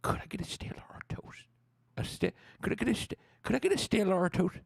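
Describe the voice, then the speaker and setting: Man putting on a squeaky stammering bar regular. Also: very animated, brisk, creaky, breathy edge, no echo, whispered, clean studio sound, full character voice. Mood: flustered pleading. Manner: stammering, repeating himself.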